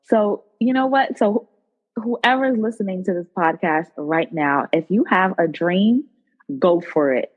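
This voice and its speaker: A woman guest on a podcast, chatting casually and animatedly about her path. She speaks at a middle pitch with a lively storyteller's manner, often slipping into quoted voices. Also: moderate pace, phone-quality sound. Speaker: podcast guest, nurse and cook. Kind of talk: casual interview talk.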